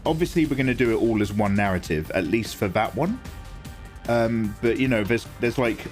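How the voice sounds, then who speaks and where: A man's voice: mid-range voice, lively intonation, moderate pace, soft background music. A man chatting casually and self-deprecatingly on a live art stream while he draws, reading chat aloud.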